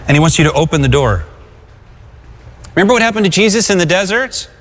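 A man's voice: high voice, animated, quick pace. A man preaching a sermon, exhorting and calling on the congregation to answer him. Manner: exhorting, calls for congregation responses. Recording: long hall reverb.

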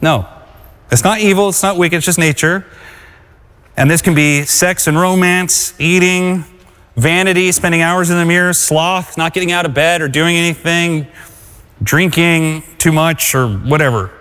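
A man's voice: a little high, normal speed, a bit bright, clear, resonant tone. A man preaching a sermon, exhorting and calling on the congregation to answer him. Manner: exhorting, calls for congregation responses. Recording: long hall reverb.

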